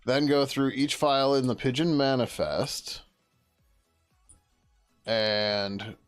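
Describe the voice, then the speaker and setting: A man's voice: mid-range voice, takes it slowly, soft background music. A man thinking aloud as he works through code on a live stream, muttering to himself, trailing off and swearing casually. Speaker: software developer streaming his work.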